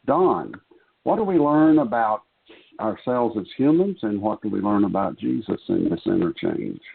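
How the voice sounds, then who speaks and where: Gravelly low-voiced man hosting a call-in. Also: expressive, normal speed. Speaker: host of a lectionary call-in podcast. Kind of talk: moderating a Bible study discussion. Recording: tinny phone line.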